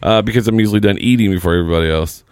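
A man's voice: fairly low pitch, rapid-fire, smooth, dry recording, studio quality. A man co-hosting a casual chat, reading a list aloud with joking, swearing asides. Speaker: co-host.

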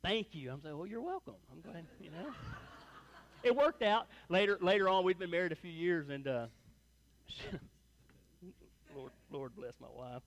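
A man's voice: high voice, animated, moderate pace, pauses often, big-room sound, slight background noise. A middle-aged man, a pastor, preaching a sermon to his church in a folksy, conversational way that leans on tag questions. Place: church sanctuary before a congregation.

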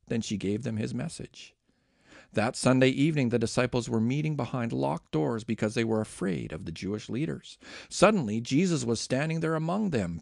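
A man giving an expressive, dramatic reading of scripture aloud. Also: medium pitch, normal speed, gravelly, no room sound, clean studio sound. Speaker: scripture reader.

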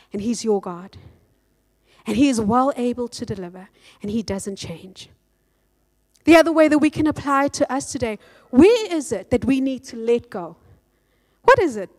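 A woman pastor preaching a sermon, reading scripture aloud and acting out quotes with lively delivery. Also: high-pitched.

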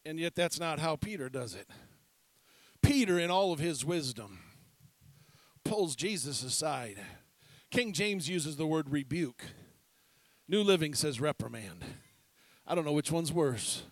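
A man preaching a sermon as pastor, animated, swinging between loud and hushed passages. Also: on the high side, a little slow, pauses often, no echo.

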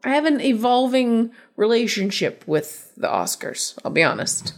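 A woman's voice: on the high side, big pitch swings, normal speed. A woman co-hosting a podcast, talking casually with a nasal, stuffed-up voice from a cold, wry and self-mocking. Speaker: podcast co-host. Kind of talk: casual chat.

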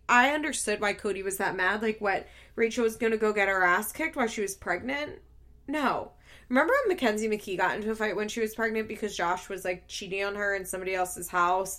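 A woman hosting a podcast, recapping reality TV in a casual, gossipy and expressive way, swearing freely and laughing between remarks. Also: medium pitch. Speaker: podcast host.

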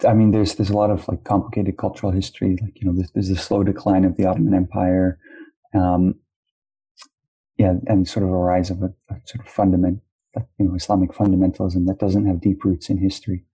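A man's voice: low-pitched, little pitch movement, moderate pace, warm tone, slightly rough, poor audio. A man in casual chat, talking thoughtfully and hedging with fillers as he explains ideas. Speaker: conversation partner.

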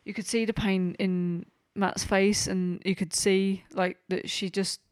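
A woman's voice: mid-range voice, little pitch movement, measured pace, darkish tone, no room sound. A woman, talking earnestly and reflectively in a casual comics chat.

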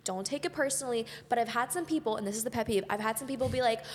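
Fast-talking young woman, photographer co-host. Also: fairly high pitch, long reverb tail, a little hiss or hum. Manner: animated, acts out quoted people. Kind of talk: casual chat.

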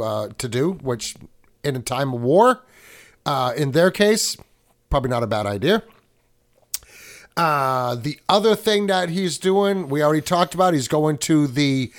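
Rambling male podcast co-host, higher voice. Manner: rambling, self-correcting, explains with movie references. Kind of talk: casual chat.

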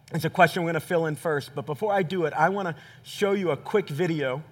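An earnest male pastor delivers a sermon to his congregation. His voice sits a little high and rings through a hall with long reverb. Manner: earnest, speaks to the congregation directly. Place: church sanctuary.

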